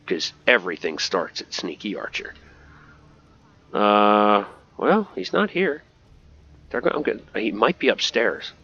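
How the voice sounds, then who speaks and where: A man's voice: on the low side, big pitch swings, a little slow, pauses often, pushed and bright, breathy edge, lo-fi sound. A man giving casual, joking commentary over gameplay and talking back to game characters. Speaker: gaming video host.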